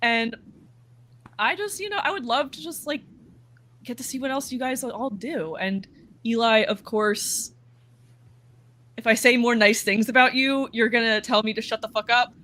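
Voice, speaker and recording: A woman player warmly praising fellow players in casual, effusive chat with casual swearing. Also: fairly high pitch, normal speed, long pauses. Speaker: tabletop game player.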